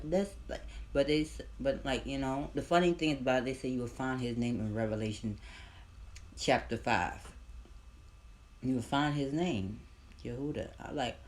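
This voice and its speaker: A man telling a casual storytime, rambling and repeating himself, with loud bursts of excited disbelief. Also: mid-range voice, normal speed.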